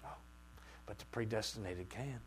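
A man preaching a sermon, swinging from quiet asides to loud outbursts and acting out the voices he quotes. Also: on the low side, moderate pace, a little hiss or hum.

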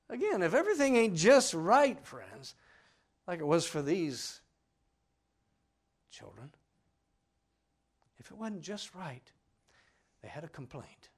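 A man preaching a sermon, swinging between loud cries and hushed lines and acting out the people in his story. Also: sits high. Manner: acts out voices of the people in the story.

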